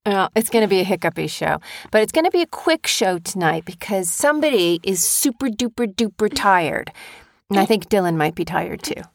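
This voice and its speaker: A woman's voice: medium pitch, lively intonation, moderate pace, gravelly, no echo, clean studio sound. A woman casually chatting with her child as host of a small family show, talkative and teasing. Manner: chatty, talks a lot, teasing. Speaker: podcast host and parent.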